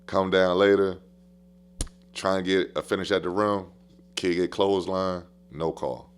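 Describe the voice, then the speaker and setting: A man with a very deep voice tells stories from his coaching career in a loose, slangy podcast style. He talks with plenty of animation and hammers his points by repeating short phrases. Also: steady tone, a little slow, clear, resonant tone. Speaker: basketball coach. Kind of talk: casual podcast storytelling.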